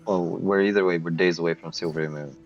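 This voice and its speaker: A man's voice: low-pitched, steady tone, fast talker, highs cut off, soft background music. A man playing in a tabletop game, talking casually and hesitantly with many fillers. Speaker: tabletop player.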